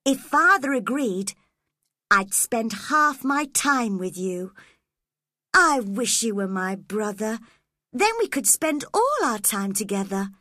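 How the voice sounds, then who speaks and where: A woman's voice: fairly high pitch, sing-song, takes it slowly, pushed and bright, no echo, studio quality, exaggerated voice. A woman voicing an earnest, hot-tempered teenage girl in a storybook reading. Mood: tender.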